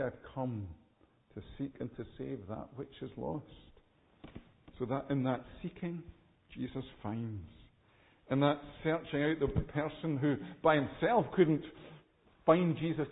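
Male preacher, earnest and emphatic, higher voice, thin lo-fi sound with long reverb. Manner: earnest, emphatic expository preaching with frequent restarts. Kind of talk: sermon. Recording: tinny phone-like recording with long reverb.

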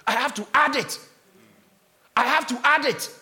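A man, a pastor, preaching a sermon with bursts of shouting and laughter. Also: very high-pitched, moderate pace.

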